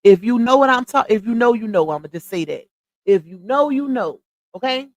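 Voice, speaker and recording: A woman's voice: a little high, animated, a little fast, no room sound, poor audio. A woman hosting a casual livestream, chatty, calling her viewers y'all and stopping often to dig up screenshots. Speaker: livestream commentary host.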